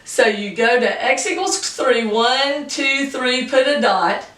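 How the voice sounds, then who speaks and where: A woman gives a homey pre-algebra lesson, counting along the number line step by step. Her voice sits a little high and carries a patient, chatty warmth. She sounds set back from the microphone in an echoey room. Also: slow, distant mic. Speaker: math teacher.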